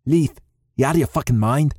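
A man's voice: medium pitch, brisk, a little mellow, slightly rough, dry recording, studio quality, pitched above the performer's own voice, close to an everyday voice. A man voicing a blunt, swearing young clansman, the middle brother. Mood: incredulous.

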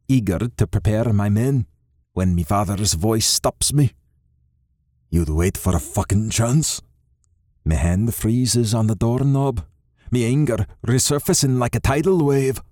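A man narrates a novel in the first person in a steady, measured way. His voice sits on the low side. The recording is close and dry, with no room sound. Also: no room sound. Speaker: audiobook narrator.

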